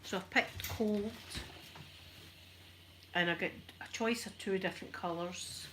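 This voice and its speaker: A woman's voice: mid-range voice, unhurried, long pauses. Chatty Scottish woman, noisy recording. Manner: chatty, rambling, self-deprecating. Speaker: ASMR YouTuber. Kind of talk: casual soft-spoken chat. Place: at home while ironing.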